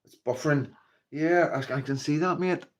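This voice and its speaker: This Northern Irish livestream host has a slightly high voice and a moderate pace. He chats with his audience, calling out names as he goes, rambling and using lots of fillers such as "you know" and "like."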